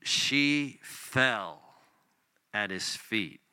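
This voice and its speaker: A lower-pitched man preaching a sermon with a very bright, forward tone. He reads scripture and talks it through conversationally, rising to loud emphasis and dropping to near-whispers. The sound is dry and close, with no room echo. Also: animated, very slow, smooth. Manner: impassioned, swings between loud emphasis and hushed near-whispers. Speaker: pastor.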